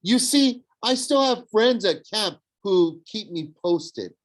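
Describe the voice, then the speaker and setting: A man's voice: high-pitched, lively intonation, slow, pitched above the performer's own voice, poor audio. A man voicing a smug, sneering young villain who mocks and tempts. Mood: mocking. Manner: sneering, mocking. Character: smug young male villain, mocking and persuasive.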